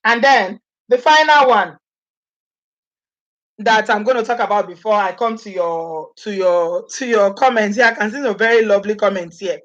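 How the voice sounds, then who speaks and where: Talking at normal speed in a mid-range voice, this Nigerian-accented woman from Nigeria vlogs casually to a live audience. She laughs a lot, stays animated and performs other people's quoted words, all in muffled audio.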